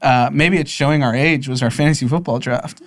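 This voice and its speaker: A man in his thirties co-hosting a podcast in casual chat, animated and quick to laugh. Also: medium pitch. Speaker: podcast co-host.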